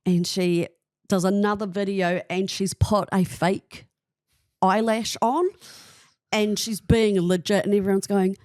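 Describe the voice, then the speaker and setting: A woman's voice: medium pitch, flat delivery, measured pace, darkish tone, dry recording, studio quality. Chatty New woman telling gossip. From New Zealand. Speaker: guest. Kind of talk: casual podcast chat.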